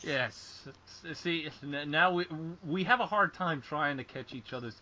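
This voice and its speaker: A man's voice: fairly high pitch, lively intonation, measured pace, bright, forceful tone, no room sound, rough recording. A man co-hosting a podcast, talking casually and sarcastically about wrestling, swearing freely. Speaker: podcast co-host.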